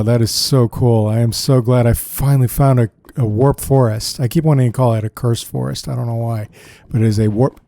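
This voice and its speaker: Mellow-voiced man narrating his gameplay. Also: mid-range voice, no room sound. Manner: chatty, thinks aloud, often says "dude". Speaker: gameplay commentator. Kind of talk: casual let's-play commentary.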